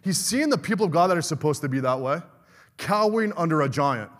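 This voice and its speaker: Fervent high-voiced male preacher. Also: lively intonation, fast, big-room sound. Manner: fervent, calls for amens. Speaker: pastor. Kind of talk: sermon.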